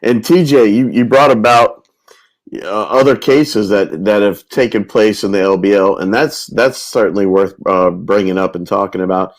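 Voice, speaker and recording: A man's voice: fairly low pitch, normal speed, poor audio. A man hosting a round table, retelling a story at length, with many restarts and repeated words. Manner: rambling, with many restarts and repetitions.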